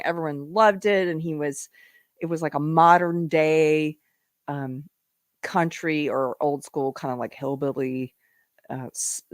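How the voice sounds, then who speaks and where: A woman hosts a live-stream show, chatting casually and answering viewer comments. Her voice sits a little low. The sound is dry and close. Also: no room sound. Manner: casual, chatty, laughs often. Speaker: host.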